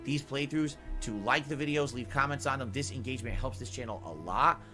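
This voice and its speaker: A man addressing his viewers with a brisk, upbeat channel update. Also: bright, forceful tone, faint music behind. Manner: brisk and upbeat, pitching for support. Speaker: streamer.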